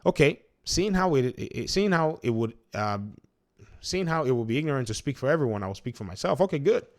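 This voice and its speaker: A man talking straight to his audience in an opinionated gaming commentary. He speaks in a medium-pitched voice and presses his points hard. He often breaks off and restarts mid-sentence as he argues. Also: expressive, fairly quick, darkish tone. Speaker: gaming commentary channel host.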